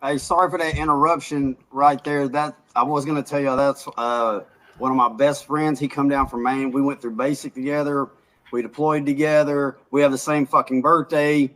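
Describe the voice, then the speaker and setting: A man talking in casual banter, loud, joking and profane. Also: medium pitch, flat delivery, normal speed.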